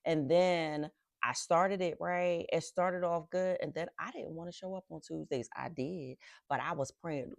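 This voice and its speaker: A middle-aged woman from Philadelphia speaks in a low, gravelly voice as she hosts her podcast. She tells her story with animated repetitions, reflecting on faith and rest. The sound is dry and close, with no room echo. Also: a little slow. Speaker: podcast host.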